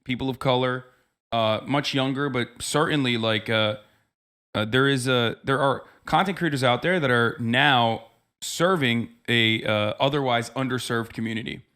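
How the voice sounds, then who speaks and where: A man's voice: medium pitch, moderate pace, fairly bright tone, smooth. A man talking on a casual podcast, rambling with restarts and fillers. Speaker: podcast co-host.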